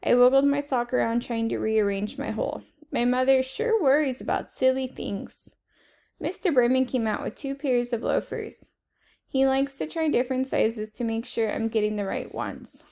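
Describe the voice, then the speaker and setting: A woman's voice: a little high, normal speed, gravelly. Woman reading a children's book aloud. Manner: steady, plain first-person narration. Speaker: reader.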